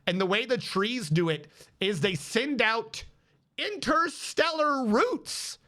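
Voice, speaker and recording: A male streamer giving rambling, excitable gameplay commentary with lots of fillers. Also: very high voice, slow pace.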